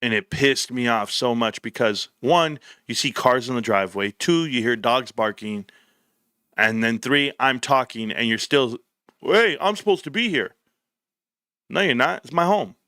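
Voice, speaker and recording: A man's voice: mid-range voice, normal speed, smooth, dry recording, clean studio sound. A middle-aged man hosting a casual livestream chat, telling stories bluntly with slang. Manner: blunt, animated storytelling with slang. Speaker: livestream host.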